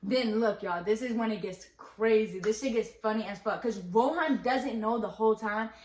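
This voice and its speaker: A young woman casually telling a storytime, rambling and animated, acting out what people said, full of slang. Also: fairly high pitch, normal speed, reverberant. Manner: rambling, animated retelling with quoted dialogue and slang.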